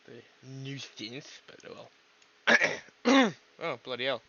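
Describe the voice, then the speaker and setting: A man's voice: medium pitch, sing-song, slow pace, fairly bright tone, dull audio. A man hosting a gaming video, rambling in casual commentary, swearing freely and poking fun at himself.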